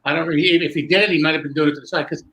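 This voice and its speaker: Bright, lively man telling stories. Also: a little high, racing, dull audio. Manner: lively, building suspense with self-interruptions. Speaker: magician recalling a fellow performer. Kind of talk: animated storytelling in conversation.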